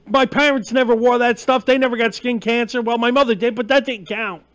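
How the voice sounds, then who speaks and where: A man's voice: extremely high pitch, clean tone. A man, hosting a live online show in a profane, mocking rant and calling out names from the chat. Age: 40s. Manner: ranting, profane, mocking and emphatic; gets loud and heated, then drops back to chatting with viewers. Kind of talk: ranting live-stream monologue.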